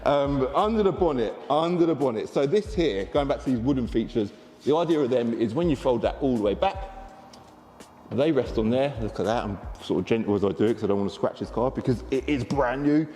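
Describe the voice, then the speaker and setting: A man, a car dealer chatting excitedly to camera in a casual walkaround vlog. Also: mid-range voice, brisk, long reverb tail, faint music behind.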